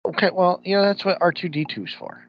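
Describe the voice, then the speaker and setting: A Midwestern American man co-hosts a podcast in casual, opinionated chat, blunt and using slang like "ain't." His high-pitched voice is sing-song, quick, and creaky, captured in dull lo-fi podcast audio.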